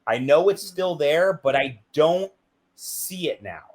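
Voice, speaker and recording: Lively, animated man telling stories. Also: takes it slowly. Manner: animated, acts out quoted dialogue with big pitch jumps. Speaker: guest. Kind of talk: candid interview storytelling.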